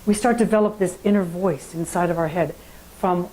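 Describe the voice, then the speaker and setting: Woman speaker, conversational sermon with storytelling, mellow low tone. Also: a little fast, low-quality recording. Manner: conversational, asks the audience questions. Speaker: speaker at a spiritual centre.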